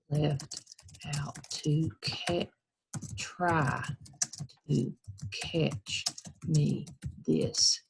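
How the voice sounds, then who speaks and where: A woman's voice: deep voice, a little mellow, a little hiss or hum, heavily acted. An American woman reading as a cheery leprechaun. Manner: slow, deliberate reading for children. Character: cheery male leprechaun greeting schoolchildren.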